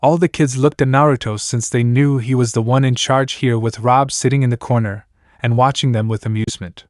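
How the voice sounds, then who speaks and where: A man reading a fan story aloud in steady narration. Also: medium pitch, a little fast, dry recording, studio quality. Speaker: fanfiction reader.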